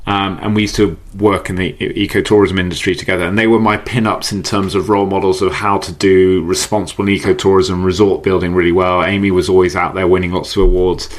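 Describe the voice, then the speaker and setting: A man speaking as a podcast guest, explaining ideas in an animated way, often repeating words and laughing easily. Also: sits low, fast, few pauses. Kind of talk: conversational podcast interview. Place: based in the UK.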